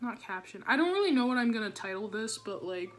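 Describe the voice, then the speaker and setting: Fast and very animated, this teen girl vlogger's slightly high voice rants through a storytime with lots of swearing and "like" at every turn. Soft music plays in the background of the camera or phone mic recording.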